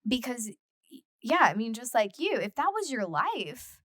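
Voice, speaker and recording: A woman's voice: on the high side, sing-song, moderate pace, fairly bright tone, no echo, studio quality. A woman hosting a podcast, asking reflective questions and affirming her guest. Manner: reflective, affirming, frequent backchannel. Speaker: podcast host. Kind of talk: conversational interview.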